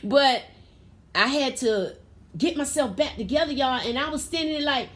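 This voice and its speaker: A woman co-hosting a casual podcast, retelling a story excitedly and laughing often. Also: sits high, normal speed. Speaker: co-host.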